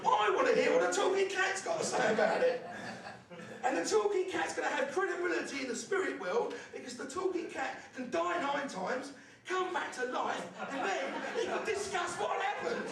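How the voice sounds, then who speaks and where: This stand-up comedian's voice is extremely high and creaky, expressive but at a normal speed, as he rants his way through crude, profanity-laced punchlines. It's a live club recording, echoey and distant, with the audience loud in the mix.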